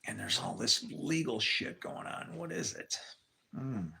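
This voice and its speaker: A man's voice: medium pitch, huge pitch swings, a little slow, creaky, sharp tone, husky. An older man telling candid personal stories on a livestream, swearing and adding religious asides. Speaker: livestream host. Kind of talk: rambling personal storytelling.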